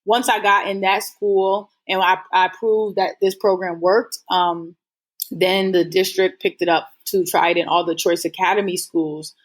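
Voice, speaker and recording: A woman's voice: lowish voice, level tone, a little slow. A woman guest telling her story in a casual interview, earnest and rambling with lots of fillers. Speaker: guest entrepreneur.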